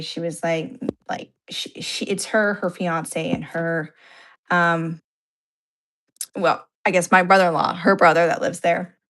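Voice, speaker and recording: A woman chatting casually on a live stream from home, rambling and self-deprecating, with many fillers. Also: lowish voice. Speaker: co-host of art live stream. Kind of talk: casual chat. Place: home upstairs room.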